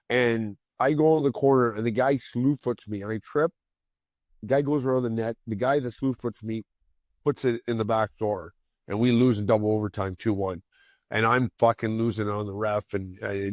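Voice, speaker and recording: A man in his forties, a former hockey player guesting on a podcast, telling rowdy stories in a casual, heavily profane way and loudly acting out the lines of other people. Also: medium pitch, no echo, studio quality. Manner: profane, animated, acts out quoted lines loudly.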